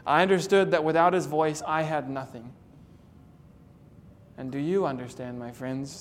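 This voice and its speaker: A man preaching a sermon in an earnest, dramatic way, retelling a story and slowing down to stress his points. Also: fairly high pitch, fairly even intonation, big-room sound, a little hiss or hum.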